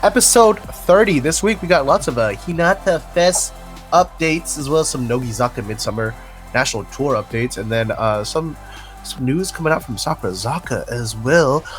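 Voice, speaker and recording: A man's voice: mid-range voice, animated, normal speed, faint music behind. Congested young man hosting a podcast. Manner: rambling, lots of fillers and restarts. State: congested, voice still recovering. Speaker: podcast host. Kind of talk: casual podcast chat.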